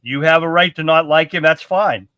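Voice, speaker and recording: Blunt, ranting man with a bright voice. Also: a little high, moderate pace, no room sound, muffled recording. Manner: blunt, profane, ranting, reads viewer comments aloud. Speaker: live stream host. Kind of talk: political commentary live stream.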